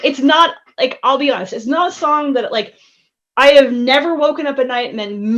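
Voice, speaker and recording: A woman rambling through her opinion on a casual podcast, full of fillers. Her voice is fairly high. The audio is dull and lo-fi. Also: moderate pace, fairly bright tone. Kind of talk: casual album discussion.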